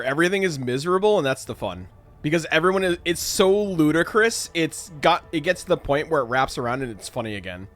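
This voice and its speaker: A man's voice: a little high, big pitch swings, brisk, a bit bright. A man streaming a game, chatting casually and rambling through joking explanatory asides. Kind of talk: casual live-stream chat.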